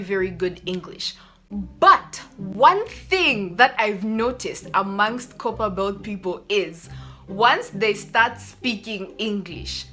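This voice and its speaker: A young woman, chatting animatedly in a sit-down vlog and mimicking people. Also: medium pitch. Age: 20s. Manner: animated, laughing, mimics others. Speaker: YouTuber. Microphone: phone camera.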